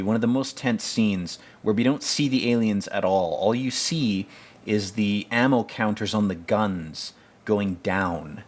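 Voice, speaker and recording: A man giving casual, rambling film commentary, swearing often and growing excited about scenes he loves. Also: sits low. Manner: rambling, profane, enthusiastic.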